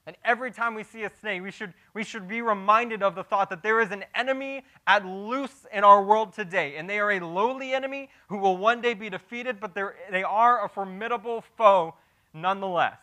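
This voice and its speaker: A man preaching through a passage verse by verse, his voice fairly high and bright with a sharp edge. He sinks to a grave hush on heavy points, then pushes up to loud, animated emphasis, restarting and repeating words as he goes. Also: brisk, low-quality recording. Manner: swings between hushed gravity and loud animated emphasis; frequent restarts and repeated words when improvising. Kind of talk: expository sermon.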